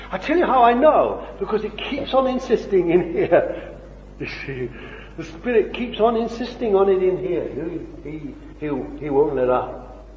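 A man preaching a sermon, impassioned, with rhetorical questions, swinging between loud and hushed. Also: high voice, big pitch swings, moderate pace, slight background noise. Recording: dull old recording in an echoey hall.

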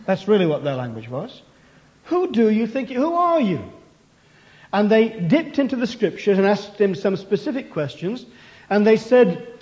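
A man's voice: high-pitched, a little mellow, dull audio. A man preaching a sermon, telling a story and acting out its questions and answers.

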